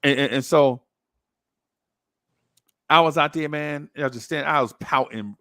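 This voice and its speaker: A man in his fifties from New Jersey, hosting a podcast and telling a rambling, animated story in casual chat. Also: a little high, normal speed, dry recording, clean studio sound. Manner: rambling, animated storyteller who acts out voices. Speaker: podcast host.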